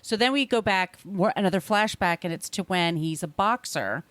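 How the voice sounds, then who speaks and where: A woman's voice: fairly low pitch, lively intonation, moderate pace, fairly bright tone, no echo. A woman co-hosting a podcast, talking casually and explaining a character's motives. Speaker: podcast co-host. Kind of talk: casual chat.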